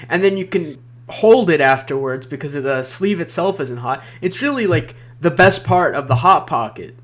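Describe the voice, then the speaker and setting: A man's voice: a little high, animated, normal speed, a bit bright. A man hosting a casual podcast chat, easygoing and joking, often restarting his sentences. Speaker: podcast host.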